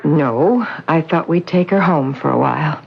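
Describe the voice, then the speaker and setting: An actress playing a scheming woman who poses as a gentle mother, speaking in a soft, coaxing, soothing way, in 1970s radio drama acting. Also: low-pitched, unhurried, gravelly, breathy edge, heavily acted. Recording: dull old radio recording, faint hiss.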